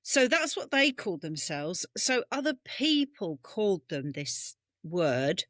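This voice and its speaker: On the low side and sing-song at a measured pace, the voice of this English woman is a bit bright, with a British accent. She co-hosts a podcast over a video call from a home room, casually telling meandering, self-correcting history stories into a webcam mic, with studio quality and no echo.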